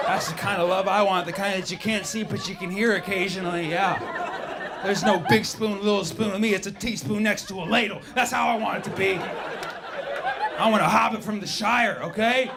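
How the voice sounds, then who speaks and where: Male stand-up, slightly high voice, playful crowd work, loud laughing audience. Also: fairly even intonation, a little fast, gravelly, heavy background noise. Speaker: stand-up comedian. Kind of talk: stand-up routine.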